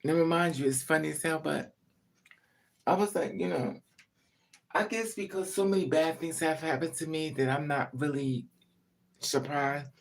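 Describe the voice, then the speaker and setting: A woman casually telling a personal story on a vlog, frank and profane, laughing as her voice swings between loud outbursts and hushed asides. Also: low-pitched, normal speed, vocal fry, pauses often. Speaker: vlogger.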